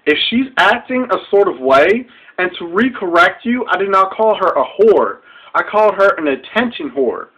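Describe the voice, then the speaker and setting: A man's voice: high-pitched, lively intonation, moderate pace, pushed and bright, husky. A young man ranting straight to camera, heated, profane and confrontational, in a dull lo-fi webcam recording. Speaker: vlogger. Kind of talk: direct-to-camera rant.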